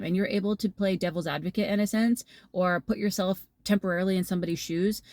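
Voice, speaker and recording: A woman's voice: mid-range voice, a little mellow, dry recording. A woman talking through a channeled tarot message to her viewers, rambling and casual with lots of fillers and everyday analogies. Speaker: tarot reader.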